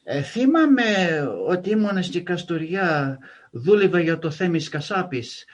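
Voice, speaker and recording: A man's voice: sits high, animated, measured pace, pitched above the performer's own voice. A man voicing an older Greek man who chats about old times in Greek. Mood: reminiscing.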